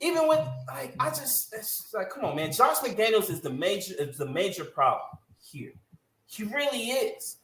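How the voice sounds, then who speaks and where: Animated, bright-voiced ranting woman. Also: mid-range voice, normal speed. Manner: heated, emphatic, cussing. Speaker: podcast co-host. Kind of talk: casual sports podcast rant. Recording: echoey room.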